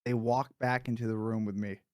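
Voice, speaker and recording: A man as an improv interviewee, answering in a deadpan, bluffing salesman manner. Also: lowish voice, brisk. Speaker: mock job interviewee. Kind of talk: improv comedy.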